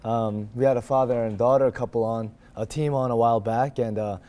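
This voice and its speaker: A man with a husky voice from a cold, hosting a quiz show and reading out the questions and rules with joking asides. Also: mid-range voice, steady tone, a little fast, mellow. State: has a cold.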